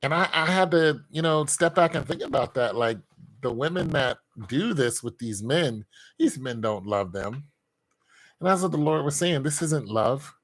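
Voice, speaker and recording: A man's voice: fairly high pitch, lively intonation, measured pace. A man speaking in a casual monologue, rambling and candid, joking about himself and laughing often.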